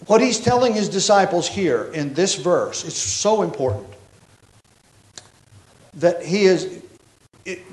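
A man pastor preaching an expository sermon, emphatic and explanatory, with frequent self-corrections. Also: a little high. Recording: echoey room.

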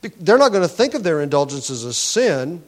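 A man's voice: on the high side, very animated, moderate pace. A man preaching a sermon, explaining scripture in an earnest teaching tone, with frequent restarts and words stressed for emphasis. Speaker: pastor.

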